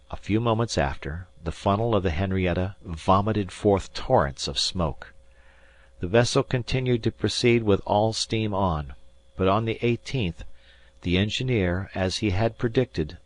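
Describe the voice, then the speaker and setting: A man narrating a classic novel as an audiobook in a steady storytelling read. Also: low voice, normal speed, dry recording. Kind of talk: scripted narration.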